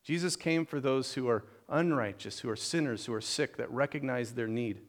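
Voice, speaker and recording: A man's voice: mid-range voice, moderate pace. A man preaching a conversational sermon to a congregation, informal and joking, often restarting and repeating words.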